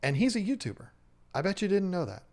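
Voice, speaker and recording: A man co-hosting a live stream about aquarium fish, reading viewer messages and rambling through jokes and stories in an excitable, chatty way. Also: high voice, quick pace. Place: fish shop owner's live stream setup.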